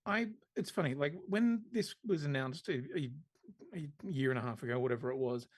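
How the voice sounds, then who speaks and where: A man's voice: medium pitch, no echo. A man co-hosting a podcast in casual chat, talking bluntly and wryly with plenty of swearing. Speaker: podcast co-host.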